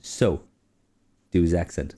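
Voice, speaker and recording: A man's voice: low-pitched, slow pace, dark tone. A man running a tabletop game as game master, teasing and pushing the players and swearing freely.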